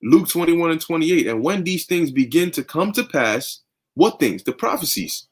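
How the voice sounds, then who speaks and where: Man, young adult preacher, fervent casual scripture talk, husky, slightly high voice. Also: big pitch swings, normal speed. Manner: fervent, conversational, often says "man" and "okay". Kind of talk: informal scripture teaching.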